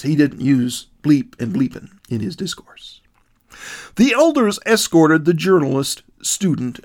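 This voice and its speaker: A man narrating a detailed dream account in a measured, descriptive reading. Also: fairly high pitch.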